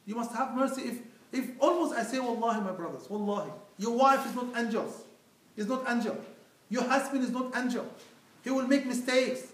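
Man preaching, high pitched, earnest and pleading, echoey mosque hall, distant mic. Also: brisk, fairly bright tone. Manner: earnest, pleading, addresses listeners as brother. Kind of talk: Friday sermon.

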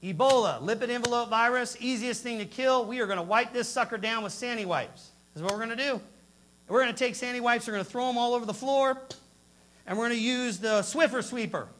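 High-pitched guy giving a blunt punchy talk at a convention, goes loud then quiet, faint hum behind. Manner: emphatic, blunt, swings between loud and hushed. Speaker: convention speaker on infection control. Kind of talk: lively conference presentation. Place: convention hall.

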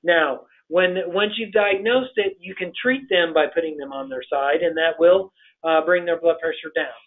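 A man delivers a medical webinar lecture in a fairly high voice, pausing often on ums and uhs as he explains. The sound is thin and narrow, like a phone line. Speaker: physician lecturer. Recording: tinny phone-like webinar audio.

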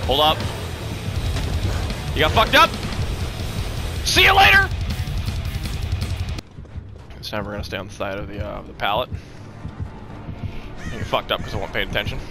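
Excitable swearing gamer guy. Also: lowish voice, fairly quick, pauses often, over loud music. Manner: swears a lot, swings from mumbling to shouting. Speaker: gaming streamer. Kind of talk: live gameplay commentary.

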